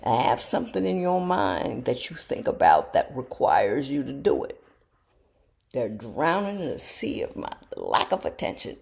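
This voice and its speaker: A middle-aged woman, telling casual stories to her viewers in a chatty, self-mocking way and jumping into high voices when she quotes people. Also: huge pitch swings, a little slow, vocal fry, a little mellow. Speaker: show host talking to viewers. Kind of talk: casual storytelling monologue.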